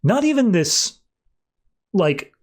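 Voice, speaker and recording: A man on a podcast casually recapping a comic book, acting out the characters' lines in quick shifting voices. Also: high voice. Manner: animated, acts out character quotes in shifting voices. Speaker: podcast host.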